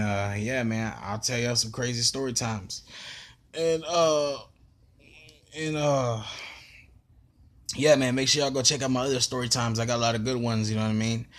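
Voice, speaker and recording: A man's voice: mid-range voice, fairly bright tone. A young man vlogging a casual storytime, rambling and slangy with lots of fillers.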